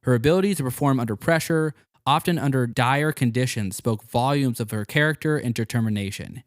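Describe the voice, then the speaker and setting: A man's voice: mid-range voice, a little fast, dry recording, studio quality. Casual man hosting a history podcast. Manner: laughs easily, joking. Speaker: podcast host. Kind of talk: casual history podcast, reading narration and chatting.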